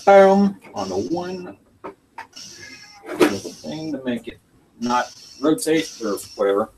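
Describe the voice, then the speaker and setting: Male livestreamer, profane and explosive; very animated pitch, heard from a distance with faint noise. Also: takes it slowly, vocal fry. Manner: profane, yelling outbursts at the game. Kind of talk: gaming livestream commentary.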